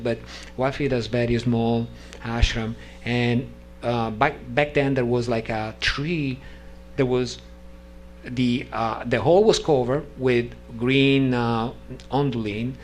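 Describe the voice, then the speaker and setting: A man, not a native English speaker, telling a personal story at a devotional gathering, halting and restarting sentences and acting out the dialogue. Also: medium pitch, slight background noise. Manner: animated, acts out dialogue in story.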